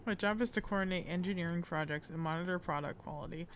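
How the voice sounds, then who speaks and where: A woman's voice: fairly low pitch, fast, a little hiss or hum, lightly acted. A woman reading as a grumpy overworked young engineer. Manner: irritable, defensive, tired.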